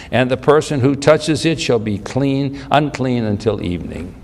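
Slow, lively preaching man in a reverberant hall. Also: on the high side. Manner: explains scripture with questions, repeats and restarts. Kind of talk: Bible teaching sermon.

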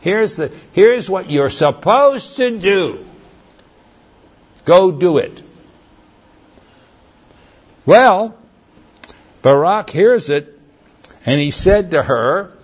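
A man delivers a sermon, reading scripture and then explaining it, often stopping to restart a phrase. His voice sits fairly high for a man and has a husky edge. He speaks slowly and deliberately. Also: animated. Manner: halting, many restarts and fillers, reads verses aloud then comments. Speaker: preacher. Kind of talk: sermon, Bible teaching.

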